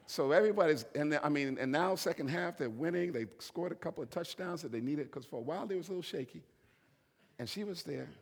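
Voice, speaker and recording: Man preaching a sermon, husky voice, hushed to booming, long hall reverb. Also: lively intonation, quick pace. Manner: storytelling, swings from hushed whispers to loud emphatic preaching. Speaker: bishop preaching.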